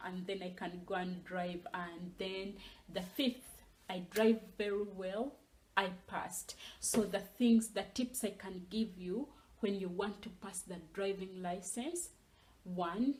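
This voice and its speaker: A young woman telling her own story in a casual vlog, animated and dropping into whispers for asides. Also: mid-range voice, low-quality recording. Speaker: vlogger.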